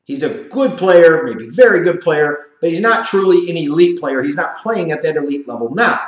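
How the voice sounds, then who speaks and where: A man with a high voice delivers a sarcastic, profanity-laced sports rant. His talk is animated and full of mockery. The room around him is echoey. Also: moderate pace, hardly any pauses. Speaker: sports commentator. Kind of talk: ranting sports commentary. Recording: roomy echo.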